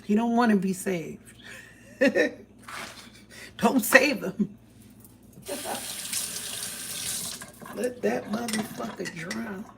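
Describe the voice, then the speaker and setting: A woman's voice: medium pitch, drawn-out words, gravelly, long pauses. A young woman, chatting loosely and joking with profanity as she cooks breakfast on a livestream. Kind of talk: casual livestream chat while cooking. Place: home kitchen. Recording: distant phone mic with background noise.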